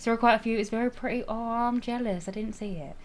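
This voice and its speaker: A woman's voice: fairly high pitch, quick pace, slight background noise. A young woman streaming a life-sim game, chatting casually with viewers, giggling, restarting sentences and apologizing as she goes.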